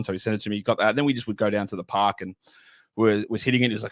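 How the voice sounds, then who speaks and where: A middle-aged man with a fairly low, steady, slightly bright voice talks at a racing clip, with no room sound. He's a guest analyst on a podcast, chatting casually, rambling, repeating words and joking around.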